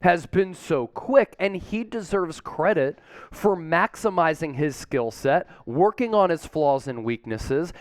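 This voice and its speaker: A man hosting a sports news show, giving energetic, emphatic fan commentary. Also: fairly high pitch, no echo, clean studio sound. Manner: emphatic, hyped-up fan delivery.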